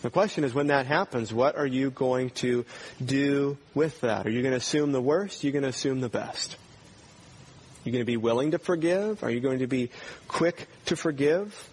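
A man's voice: mid-range voice, moderate pace, darkish tone, a little hiss or hum. A male pastor preaching a sermon in a church, earnestly putting pointed questions to his congregation.

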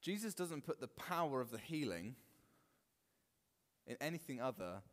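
A man preaching a sermon in a church, animated and expressive. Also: medium pitch, normal speed, long reverb tail. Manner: animated, acts out quoted voices. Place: church hall.

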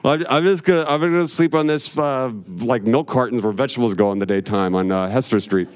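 A man's voice: mid-range voice, a little fast, smooth, close to an everyday voice. A man voicing his drunken, stubborn middle-aged father, rambling and slurred.

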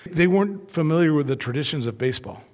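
Animated male preacher in a reverberant hall. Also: a little high, fast talker. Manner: animated storyteller who acts out voices. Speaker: pastor. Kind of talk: sermon with personal stories.

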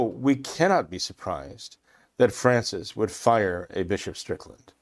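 A man giving impassioned religious commentary, emphatic and repeating phrases for stress, clearing his throat often. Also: medium pitch.

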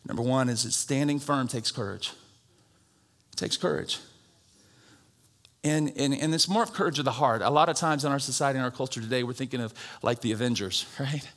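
A man preaching a sermon to a congregation, moving from quiet, conversational teaching to loud, shouted exhortation and joking with the crowd. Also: mid-range voice, fast, hardly any pauses. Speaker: pastor.

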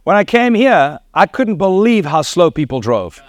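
South African pastor telling stories. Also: male voice, high-pitched, big pitch swings, normal speed. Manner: storytelling with laughs and acted quotes. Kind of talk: sermon.

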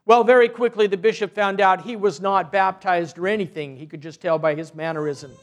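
A male parish priest preaching a sermon, retelling a story in an earnest, unhurried way with frequent restarts. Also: high voice, lo-fi sound.

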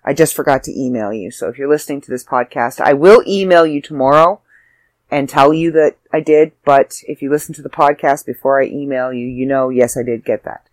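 A woman's voice: rumbling low, a little fast, darkish tone, no room sound. A woman, hosting her own podcast as an author, chatty and self-deprecating, sounding tired. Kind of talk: casual solo podcast chat.

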